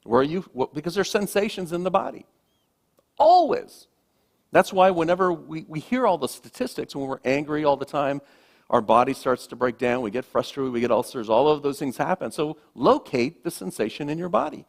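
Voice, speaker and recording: Soft-spoken minister preaching gently. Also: male voice, fairly high pitch, lively intonation, gravelly. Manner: gentle, reflective, with slow emphatic pauses. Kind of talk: sermon. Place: church sanctuary.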